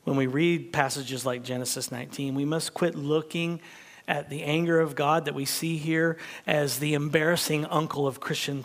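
A male pastor preaching a sermon, swinging from loud emphatic peaks to hushed whispers. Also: high-pitched. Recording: long hall reverb.

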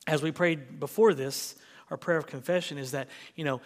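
A man's voice: fairly high pitch, moderate pace, in a large hall. A man preaching a sermon as pastor, emphatic and full of rhetorical questions, in a church sanctuary.

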